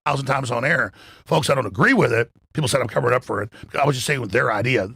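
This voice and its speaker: A man behind a talk radio microphone, his voice gravelly and rough around the edges. He drives his political commentary hard, swearing freely and tripping over restarts, all recorded dry with no room sound. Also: medium pitch, fast talker, bright, forceful tone, no echo. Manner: emphatic, profane, stumbling restarts.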